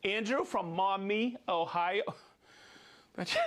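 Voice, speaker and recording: A man's voice: high voice, lively intonation, unhurried, fairly bright tone. A man hosting a live tool show, chatting casually, demonstrating gear and cheerfully reading out viewer names. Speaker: show host demonstrating tools.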